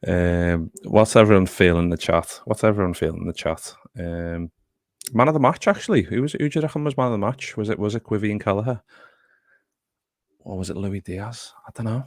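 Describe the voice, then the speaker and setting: A man's voice: on the low side, brisk, no echo. A man hosting a casual football podcast, rambling, swearing freely and talking to his live chat. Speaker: podcast host.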